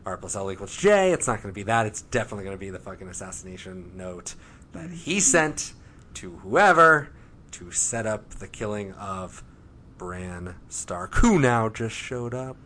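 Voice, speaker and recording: A man hosting a casual, excitable chat about a TV show, swearing often and breaking into quick impressions. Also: fairly low pitch, a little hiss or hum. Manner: excited, swearing, jumps between voices. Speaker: podcast host.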